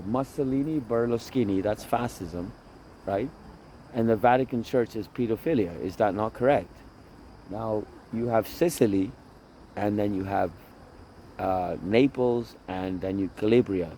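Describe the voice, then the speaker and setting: A man's voice: lowish voice, mellow, a little hiss or hum. Rambling, profane man vlogging outdoors. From Toronto area. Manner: rambling, profane, repeats himself. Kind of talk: casual outdoor vlog monologue. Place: outdoors by water in a park. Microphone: phone camera held by himself.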